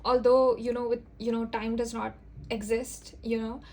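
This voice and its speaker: Speaking at a moderate pace with little pitch movement, a tarot reader with a slightly high voice offers an intuitive reading. She sounds soft, earnest and comforting, and fillers crop up often.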